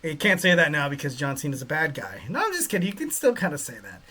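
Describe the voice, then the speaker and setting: Bright-voiced chatty male podcast host. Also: a little high, very animated, fast talker. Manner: rambling, joking, lots of fillers. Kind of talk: casual commentary.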